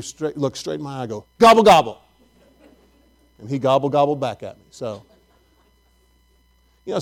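A man's voice: a little high, darkish tone. A middle-aged man, preaching a sermon in a folksy, chatty storytelling way and talking directly to his congregation. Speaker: pastor.

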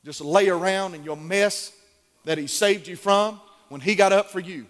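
A preacher doing a gruff, fatherly old man. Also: normal speed, fairly bright tone. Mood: stern, fatherly. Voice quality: deep, gruff. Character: gruff older man, pastor's mentor, firm and fatherly. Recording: long hall reverb.

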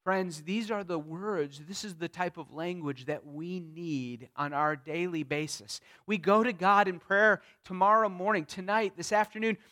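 Man, sermon, slow deliberate preaching, paraphrases scripture in first person, rises loud then drops quiet. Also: high-pitched, fairly even intonation. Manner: impassioned preaching that swells loud on key phrases and drops soft after. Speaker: pastor.

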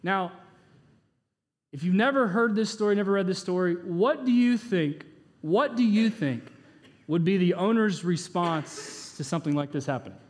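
High-voiced casual preacher in a hall. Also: male voice, moderate pace. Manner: casual, joking asides and rhetorical questions. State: short on sleep. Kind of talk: conversational sermon.

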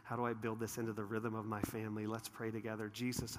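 A middle-aged man, a pastor, telling personal stories and leading prayer in a sermon, with animated retellings and frequent restarts. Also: lowish voice, fast, hardly any pauses. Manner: animated storytelling, many restarts and filler. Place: church auditorium. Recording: reverberant church hall.

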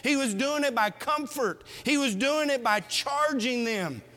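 A man's voice: very high-pitched, animated, unhurried, pushed and bright. A man preaching a sermon, exhorting his congregation with rhetorical questions. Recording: long hall reverb.

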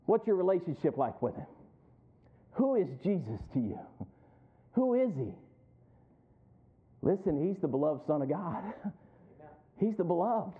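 Tinny-sounding preaching pastor, high voice. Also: male voice, sing-song, measured pace, pauses often. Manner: preaching with rising emphasis and call-and-response. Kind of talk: sermon.

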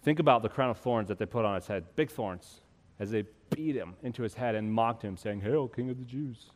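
Guy preaching in church, gets loud and fervent then real quiet, echoey hall. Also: on the low side, brisk. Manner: impassioned preaching, swelling loud then dropping soft. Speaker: pastor. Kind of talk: sermon.

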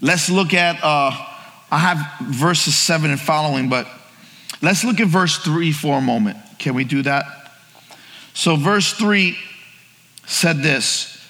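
A bright, forceful man preaches to his congregation, moving between loud peaks and quiet, drawn-out phrases. His voice is a little higher than most men's. The sound carries a long hall reverb. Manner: preaching with dramatic swings from shouts to hushed lines. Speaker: pastor. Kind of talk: sermon.

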